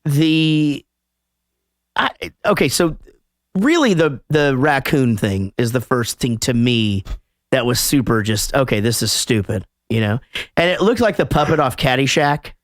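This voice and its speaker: A man's voice: medium pitch, expressive, measured pace, no room sound. A man hosting a movie podcast, chatting casually and animatedly with frequent swearing and laughter. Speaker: podcast host. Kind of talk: casual chat.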